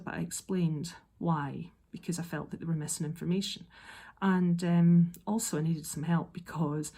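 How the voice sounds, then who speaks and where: A woman ranting in an exasperated way in a casual monologue, a little unwell and low on energy. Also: mellow, husky. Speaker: vlogger.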